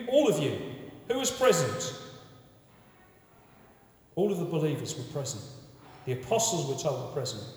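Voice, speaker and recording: A man preaching a sermon in a conversational, animated way, often repeating words as he restarts. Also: on the high side. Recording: echoey hall from far off.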